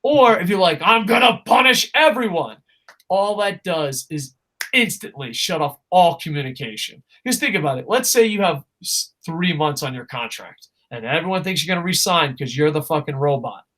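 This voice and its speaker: Profane, animated man ranting. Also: on the high side, normal speed. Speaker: podcast co-host. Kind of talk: casual wrestling talk.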